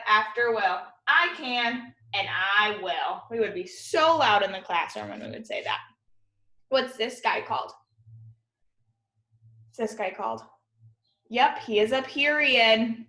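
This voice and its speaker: Female teacher, slightly high voice, deliberate pace, sing-song drills for little kids. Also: sharp tone, roomy sound, rough recording. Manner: slow, clear, sing-song spelling drills. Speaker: kindergarten teacher. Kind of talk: distance-learning classroom lesson. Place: room at home.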